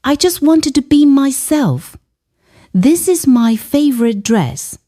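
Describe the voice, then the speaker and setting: A woman's voice: high voice, big pitch swings, slow, warm tone, pitched above the performer's own voice, exaggerated voice. A woman voicing a hurt mother of a grown son, speaking in a trembling, pleading way in a storybook reading.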